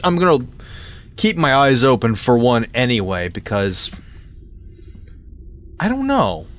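A man's voice: mid-range voice, a little hiss or hum. A man hosting a let's play, rambling in casual gameplay commentary with self-mocking asides. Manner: rambling, self-mocking, lots of sudden yelps.

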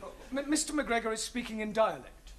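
An exasperated schoolteacher. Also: male voice, sits high, expressive, fairly quick, a bit bright. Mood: firm. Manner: clipped, schoolmasterly. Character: exasperated male English teacher, patient but firm. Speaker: English teacher. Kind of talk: 1970s British sitcom acting. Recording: noisy old TV soundtrack.

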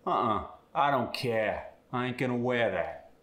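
A man's voice: mid-range voice, expressive, unhurried, fairly bright tone, roomy sound. A man voicing a cheeky Cockney Londoner, demonstrating example lines with tag questions in a broad put-on accent.

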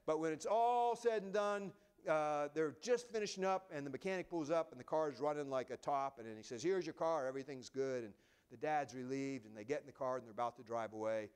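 Soft-spoken storytelling pastor, fairly high voice. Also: male voice, brisk, clear, resonant tone. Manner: conversational, many restarts, drops to a hushed voice for emotional moments. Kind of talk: sermon storytelling.

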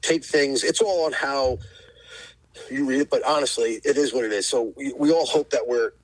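A man's voice: mid-range voice, moderate pace, husky, no echo, low-quality recording. A middle-aged man from New York, a podcast guest, telling a rambling story and acting out what people said. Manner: rambling storyteller, acts out quotes. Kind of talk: casual podcast conversation.

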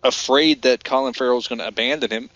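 A man's voice: mid-range voice, very animated, brisk, gravelly, a bit bright, dry recording, lo-fi sound. A man co-hosting a casual movie-review podcast who retells scenes and acts out the lines. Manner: retells scenes with acted-out quotes. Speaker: podcast co-host.

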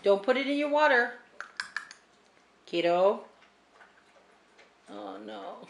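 A woman's voice: medium pitch, expressive, slow pace, vocal fry. Sing-song woman praising her puppy. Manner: sing-song praise and short commands to a dog. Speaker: dog trainer. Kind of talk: training a puppy with cues and praise. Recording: echoey room with background noise.

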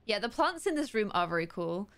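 A young woman hosting a let's play, chatting curiously and reading game text aloud slowly as she thinks. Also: mid-range voice, very animated, a bit bright, clean tone.

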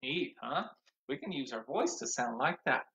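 A man's voice: mid-range voice, expressive, moderate pace, background noise. A man teaching an online music class to young children, talking cheerfully and singing along with a ukulele.

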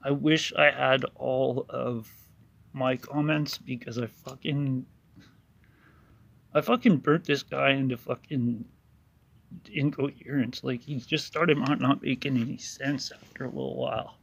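A man's voice: mid-range voice, unhurried, gravelly, fairly bright tone, breathy edge. A man giving an angry, sarcastic voice-over commentary with heavy swearing, ranting about an online rival. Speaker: YouTuber narrating over a video.

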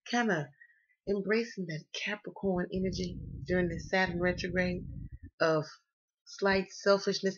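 A woman's voice: lowish voice, steady tone, unhurried. A woman with a Southern US accent, reading tarot in a casual, slangy, playful way and cussing freely. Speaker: tarot reader. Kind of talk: casual chat. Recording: dull lo-fi sound.

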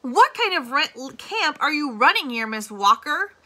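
A woman reading aloud and voicing a brisk, official male attorney general. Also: high-pitched, animated, pushed and bright, heavily acted. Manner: formal, official.

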